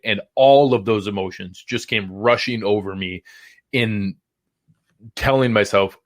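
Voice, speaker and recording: A man's voice: fairly low pitch, measured pace, no echo, clean studio sound. A man co-hosting a post-game sports talk show, breaking down plays in emphatic detail. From Buffalo area. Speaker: podcast co-host.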